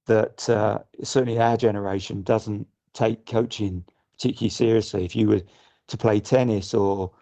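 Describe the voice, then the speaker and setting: A man's voice: lowish voice, fairly even intonation, moderate pace, creaky, warm tone. A middle-aged man from the UK, a guest sailor on a casual podcast, speaking thoughtfully with frequent restarts and fillers. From United Kingdom. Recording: muffled lo-fi audio.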